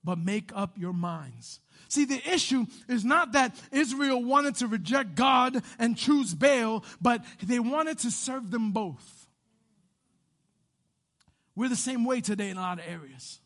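A man pastor preaching a sermon, swinging between loud animated bursts and hushed quiet passages. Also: very high voice, unhurried.

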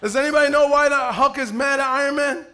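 A man's voice: extremely high pitch, fast. A man pastor preaching a sermon, telling stories playfully, calling for amens and raising his voice at key points. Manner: lively, playful storytelling with calls for amen.

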